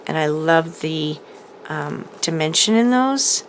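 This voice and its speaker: A woman in her home craft room talks through her latest supply haul. Her voice sits a little low and she takes her time, full of ums and easygoing enthusiasm. There is a faint hum of room ambience behind her. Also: lively intonation, slow. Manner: chatty, enthusiastic, frequent ums and laughs. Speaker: crafting channel host. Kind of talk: casual haul video chat. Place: home craft room, showing products to camera.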